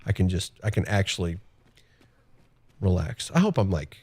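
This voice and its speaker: A man's voice: sits low, big pitch swings, normal speed, darkish tone, husky, no room sound. Giddy, laughing male streamer. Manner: giddy and emotional, laughs often. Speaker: live streamer. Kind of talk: casual chat while gaming. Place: home.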